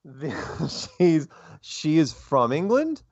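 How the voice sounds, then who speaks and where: A man hosting a talk show, talking in a rambling, animated way and laughing often. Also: on the high side, slow pace, no echo, dull audio. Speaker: show host. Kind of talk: casual interview chat.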